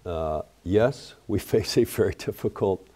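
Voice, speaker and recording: A man's voice: sits low, a little slow, mellow. A middle-aged man giving a public talk as an author, telling a story in an earnest, reflective way with frequent fillers. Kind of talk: lecture storytelling.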